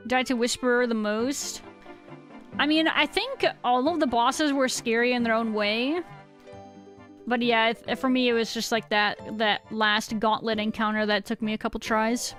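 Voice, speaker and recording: A woman's voice: on the high side, fairly even intonation, moderate pace, a bit bright, soft background music. A woman in her thirties streaming a game, chatting casually and rambling as she answers her chat, with a slightly sick voice.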